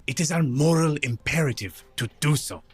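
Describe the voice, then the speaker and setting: A man's voice: fairly high pitch, moderate pace, faint music behind, natural voice. A man playing Hamza, a grandiose arcade collector. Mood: courtly. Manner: theatrical, courtly and expansive. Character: grandiose flamboyant male arcade collector host. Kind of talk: video game voice acting.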